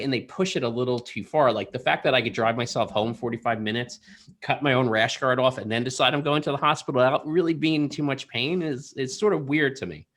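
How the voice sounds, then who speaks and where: A man hosts a casual podcast conversation. He talks in a relaxed, rambling way with plenty of filler words, in a mid-range voice. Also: mid-range voice. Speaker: podcast host.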